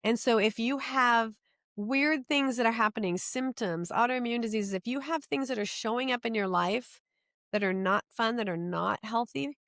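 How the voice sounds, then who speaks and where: A woman's voice: fairly high pitch, normal speed, a bit bright, no room sound, studio quality. Earnest middle-aged woman telling her story. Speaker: podcast guest. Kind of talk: personal storytelling in conversation.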